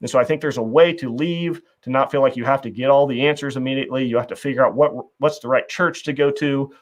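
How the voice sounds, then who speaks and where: A man's voice: mid-range voice, fast, hardly any pauses. A man hosting a talk show, speaking earnestly and reflectively in a conversational faith discussion, often restarting his phrases.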